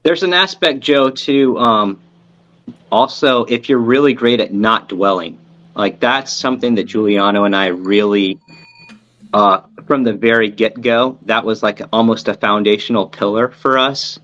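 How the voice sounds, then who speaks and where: Man, co-founder guest, low voice, reflective and measured, dry dull lo-fi sound. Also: fairly bright tone. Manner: reflective, measured advice-giving. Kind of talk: casual interview chat.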